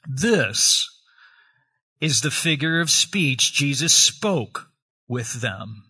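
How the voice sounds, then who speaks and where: A man's voice: medium pitch, lively intonation, drawn-out words, pushed and bright, breathy edge. A man preaching a sermon, reading scripture aloud and explaining it verse by verse.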